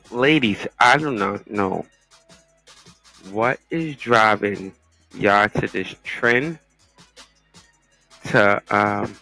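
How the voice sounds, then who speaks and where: A man hosting a casual talk show, commenting on the news in an unhurried, drawn-out way. His voice is bright and pushed forward, and he stumbles and repeats words as he reacts. Soft music runs faintly underneath. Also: mid-range voice. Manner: exclaiming, halting, repeats words. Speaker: podcast host.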